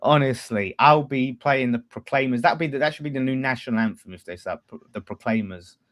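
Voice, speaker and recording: A man hosting a casual football fan chat, animated and swearing freely, swinging between loud bursts and quiet asides. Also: mid-range voice, brisk. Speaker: fan channel host.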